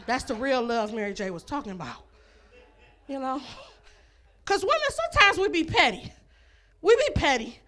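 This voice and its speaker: A brash woman doing stand-up into a handheld mic on a club stage. Her voice sits high and bright, swinging widely up and down as she works the crowd, breaking into laughs at her own lines. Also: big pitch swings, moderate pace, long pauses. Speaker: stand-up comedian. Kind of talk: stand-up comedy set.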